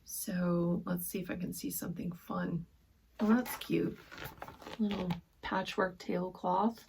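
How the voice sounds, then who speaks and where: Slow, gravelly-voiced woman gushing softly. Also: on the low side, level tone, a little hiss or hum. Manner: gushing, soft-spoken, often drops to a whisper over fabrics. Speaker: sewing vlogger. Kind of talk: casual haul chat.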